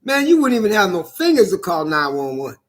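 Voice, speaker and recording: High-voiced man on a profane rant. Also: very animated, a little fast. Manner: profane, heated, repetitive. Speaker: vlogger. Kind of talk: angry ranting monologue.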